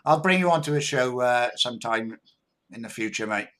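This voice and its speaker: A man's voice: medium pitch, expressive, a little fast, fairly bright tone. A man hosting a livestream, chatting casually, reading out comments, stumbling over his words and calling people "mate". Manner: laid-back, stumbling restarts, says "mate". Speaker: livestream host.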